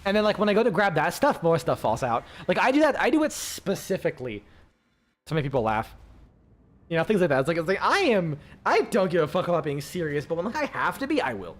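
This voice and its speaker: A man's voice: sits high, sing-song, fast talker. A man chatting casually with his stream viewers, rambling, full of fillers and swearing freely.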